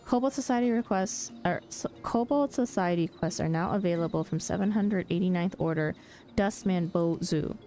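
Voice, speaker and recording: A sleepy, yawning woman streaming a game, speaking in quiet, drifting casual asides. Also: on the low side, normal speed, soft background music. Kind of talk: casual gameplay commentary.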